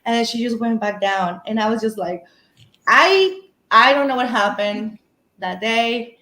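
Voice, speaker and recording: A woman's voice: a little high, measured pace, sharp tone, reverberant. A woman guest on a paranormal podcast, telling a personal story in a rambling, casual way full of fillers and restarts.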